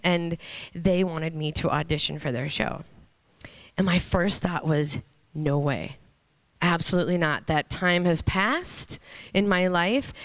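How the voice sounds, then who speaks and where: A woman in her thirties speaks on stage with earnest conviction, telling her story and pausing to let points land. Her voice sits in a middle pitch. The sound is dry and close, with little room echo. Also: fairly bright tone. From Minnesota, USA. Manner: earnest, storytelling, pauses for emphasis. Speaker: motivational speaker. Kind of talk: inspirational stage talk. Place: stage before an audience.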